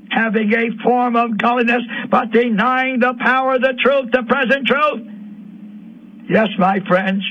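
A man's voice: extremely high pitch, pushed and bright. A man preaching an impassioned sermon on the radio, rising to emotional peaks. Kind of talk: fiery sermon. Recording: dull lo-fi radio broadcast.

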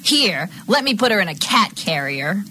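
A woman voicing a cruel woman who has bewitched a girl, delivering lines slowly and menacingly for an amateur audio drama. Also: medium pitch, big pitch swings, heavy background noise, close to an everyday voice. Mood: falsely sweet. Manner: slow, menacing line delivery.

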